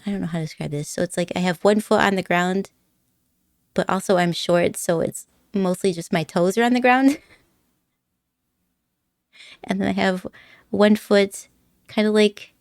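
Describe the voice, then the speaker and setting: A woman's voice: on the low side, gravelly, darkish tone, no echo. A young woman chats with her viewers in a giggly, rambling way, often breaking into laughter as she talks. Her voice comes through close and dry on a desk microphone, with a nervous edge under the chatter. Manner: giggly, chatty, rambling, puts on silly accents. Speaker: streamer. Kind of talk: casual chat with viewers.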